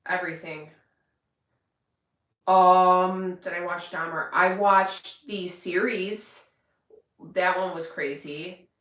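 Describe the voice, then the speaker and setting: A woman's voice: on the low side, fairly even intonation, slow pace, long pauses, a bit bright. A woman vlogger chatting casually to her viewers, rambling with lots of fillers and restarts. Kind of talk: casual chat to camera. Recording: echoey room.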